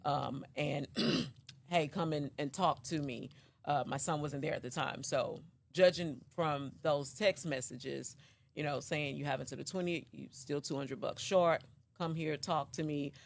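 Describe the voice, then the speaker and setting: A woman, the mother of a young man, recounting in an interview what happened, with many pauses and restarts. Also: deep voice, gravelly. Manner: halting, many ums and restarts. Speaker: mother of the accused.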